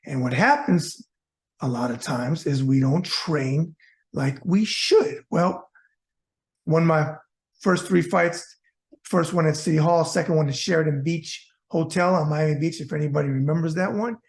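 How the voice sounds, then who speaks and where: A man's voice: on the high side, unhurried, vocal fry. A man from South Florida, a former boxer hosting his own show, telling a personal story in a folksy, heartfelt way and speaking straight to his viewers.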